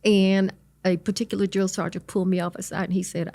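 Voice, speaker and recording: A middle-aged woman telling her life story as an interview guest, earnest and halting, with many restarts. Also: medium pitch, flat delivery, mellow.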